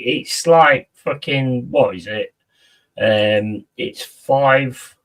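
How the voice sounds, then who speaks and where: A man's voice: mid-range voice, a bit bright, far from the mic. Chatty, sweary man streaming. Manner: swears a lot, chatty, reacts to viewers' messages. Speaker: streamer reading chat. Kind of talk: casual live-stream chat.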